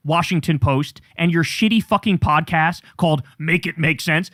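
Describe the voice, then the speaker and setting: A man's voice: on the high side, moderate pace, few pauses, a bit bright, dry recording, studio quality. A man hosting political commentary, reading quoted posts aloud and reacting with angry, profane, sarcastic ranting.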